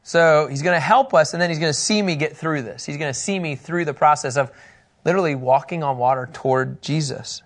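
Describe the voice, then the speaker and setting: A man leading a casual Bible study with a slightly high, gravelly voice. He talks in an animated, loose way and laughs often. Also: a little fast. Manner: animated, laughing, acting out scripture quotes.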